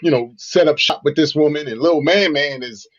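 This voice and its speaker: A man's voice: a little high, normal speed, lo-fi sound. A man co-hosting a radio show, telling a story animatedly with lots of "you know" fillers. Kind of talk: casual radio chat, storytelling.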